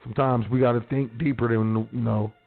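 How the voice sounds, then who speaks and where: Brisk and gravelly, this mid-range male voice holds a steady tone as he runs a radio talk show alone, scolding his audience in street slang and swear words. The sound comes through a phone-quality line with faint music underneath.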